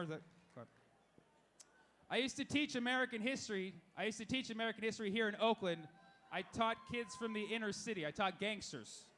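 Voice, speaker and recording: This young stand-up comedian's voice sits high with a fairly bright tone. At a live show, he delivers rapid-fire jokes and performs little voices for the people he describes.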